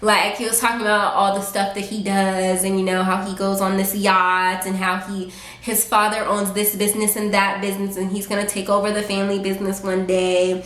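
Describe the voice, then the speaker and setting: A woman vlogger telling a story in a casual, animated, sassy way. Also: medium pitch, fairly quick. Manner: animated, sassy storytelling with lively acted quotes. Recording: roomy echo.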